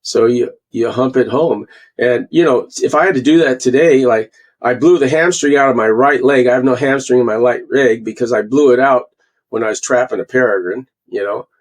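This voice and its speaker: A man in his sixties from Canada, a guest falconer telling animated stories in a casual interview and acting out the quotes. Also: mid-range voice, fairly quick. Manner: animated storyteller, acts out quotes.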